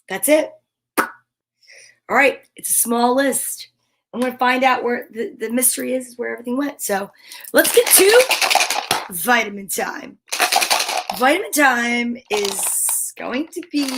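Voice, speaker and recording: A middle-aged woman hosting a live show for children, bubbly and playful, reading names from the chat and chatting warmly. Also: a little high, creaky. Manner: bubbly, playful, sing-song. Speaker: children's livestream host.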